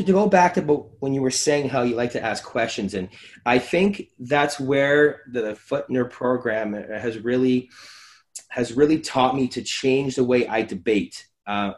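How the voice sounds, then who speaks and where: A man, a physiotherapist hosting a casual podcast chat, animated and acting out his talks with patients. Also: mid-range voice, normal speed. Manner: animated, acts out conversations with patients.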